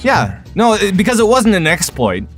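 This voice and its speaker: A man hosting a casual gaming podcast in a slightly higher voice, rambling through plugs with lots of fillers. Soft music plays faintly behind him. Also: wildly swooping pitch, normal speed. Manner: rambling, filler-heavy, laughs easily. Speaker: podcast host.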